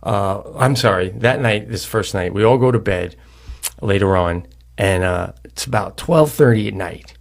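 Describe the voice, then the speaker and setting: A man co-hosting a comedy podcast, telling a long story in an animated, rambling way, cursing and restarting his sentences. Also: fairly low pitch, normal speed. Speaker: podcast co-host. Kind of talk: casual storytelling.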